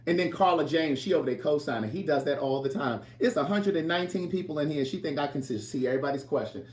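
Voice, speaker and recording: A man's voice: fairly high pitch, fast talker, few pauses, echoey room. A man hosting a casual cooking livestream from his home kitchen, chatting and teasing viewers as he reads their comments aloud.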